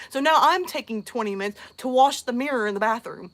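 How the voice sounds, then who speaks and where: A woman hosting her channel, telling a story in a casual, animated way, laughing often and acting out other people in squeaky voices. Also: brisk. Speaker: channel host.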